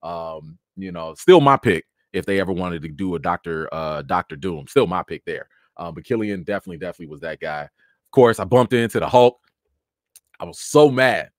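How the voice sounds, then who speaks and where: A man casually telling stories from an awards show, chatty with many fillers, jumping into a high excited voice when acting out his encounters. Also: a little fast, dry recording, clean studio sound. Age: adult with a child. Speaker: vlogger recounting an awards show. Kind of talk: casual storytelling chat.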